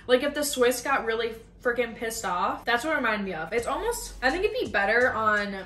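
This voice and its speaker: A young woman vlogger taste-tests food, chatting casually and bluntly in a lively, slightly fast, high-ish and somewhat bright voice. The room echoes, the mic sits at a distance, and faint music plays behind her.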